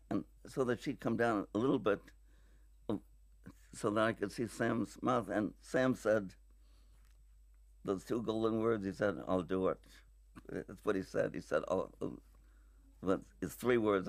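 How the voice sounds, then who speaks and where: A male screenwriter telling an anecdote in an archive interview, speaking haltingly with long pauses. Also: on the low side, fairly even intonation, no echo, faint music behind.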